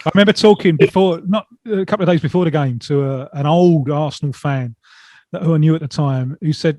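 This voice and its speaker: A man's voice: on the high side, a little fast, darkish tone, no echo. A man co-hosting a podcast, chatting in an amused way. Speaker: podcast co-host. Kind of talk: casual chat.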